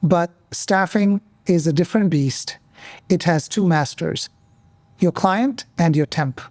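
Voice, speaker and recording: A man's voice: fairly high pitch, slow, darkish tone, no room sound. A man hosting a podcast, asking long, rambling questions in a chatty way. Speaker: podcast host. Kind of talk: casual interview chat.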